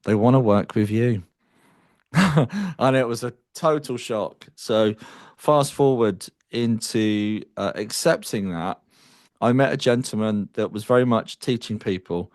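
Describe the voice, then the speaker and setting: A middle-aged man from the UK, a guest telling his story in an interview, reflective and halting, with sighs and restarts. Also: medium pitch, dry recording, studio quality. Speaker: guest psychic medium.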